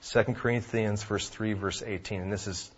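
A man preaching a sermon, emphatic, swinging between loud passages and hushed ones, on a dull lo-fi recording. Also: lowish voice, steady tone, normal speed. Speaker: pastor.

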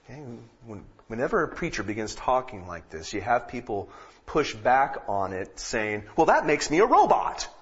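Pastor guy preaching, husky voice that swings way up and down, slow and deliberate. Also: mid-range voice, highs cut off. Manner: builds from calm teaching to loud emphatic peaks. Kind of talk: sermon.

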